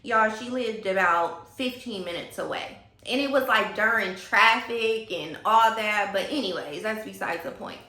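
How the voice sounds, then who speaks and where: A woman telling a story in a casual vlog, animated and gossipy, talking straight to her viewers. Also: medium pitch, unhurried, hardly any pauses, roomy sound.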